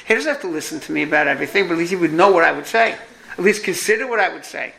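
A man's voice: a little high, expressive, very fast, creaky, bright, forceful tone, poor audio. A man from New York with a New York accent, giving a parenting lecture to an audience, emphatic and repeating his key points, with jokey asides.

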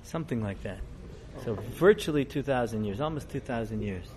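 A middle-aged man, a rabbi, giving a storytelling sermon in a conversational, digressive way that grows animated as the story builds. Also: mid-range voice, brisk, a crowd in the background.

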